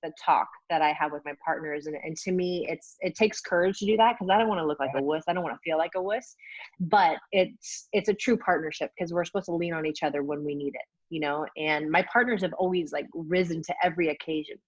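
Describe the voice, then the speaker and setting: In a relaxed interview, a woman in her forties from the United States, an athlete, talks with candor, energy and many filler words. She has a deep voice and speaks quickly; the call recording is lo-fi, dull and dry, with no room sound.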